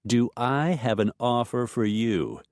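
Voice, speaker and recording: A man's voice: mid-range voice, takes it slowly, a little mellow, no echo, studio quality, pitched above the performer's own voice, natural voice. A man doing a breezy sing-song young woman. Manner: sing-song, light and teasing.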